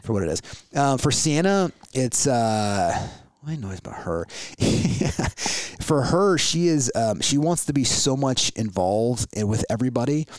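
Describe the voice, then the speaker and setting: Middle-aged male host, casual rambling chat, mid-pitched voice, very dry close recording. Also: very animated, a little slow, dry recording. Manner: loose, rambling, lots of fillers and restarts. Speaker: podcast host.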